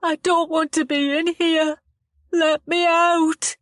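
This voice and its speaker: A woman's voice: on the high side, lively intonation, a little slow, a little mellow, breathy edge, no room sound, studio quality, pitched above the performer's own voice. A woman voicing a frightened, bullied small schoolboy who pleads in panicky cries. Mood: panicked.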